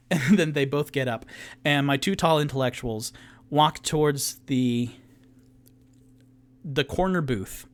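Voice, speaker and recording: A man narrating as the game master of a tabletop game, describing scenes in a relaxed, casual way. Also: medium pitch, slow, long pauses. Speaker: game master and solo player.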